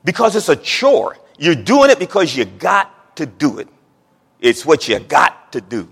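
A man preaching a sermon as pastor in a church, building from quiet asides to emphatic peaks and repeating words as he goes. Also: fairly high pitch, wildly swooping pitch, a little slow, vocal fry, slightly rough. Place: church sanctuary. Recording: long church reverb.

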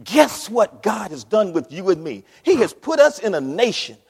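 A pastor preaching a sermon in a church, animated with call-and-response. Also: male voice, high-pitched, moderate pace, vocal fry, slightly rough. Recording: long hall reverb.

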